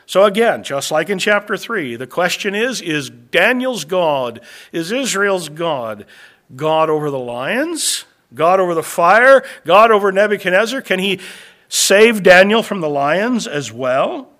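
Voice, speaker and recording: A man preaching a sermon that teaches through scripture, swinging between loud, emphatic lines and quiet, low asides, and slowing down to stress key phrases. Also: very animated.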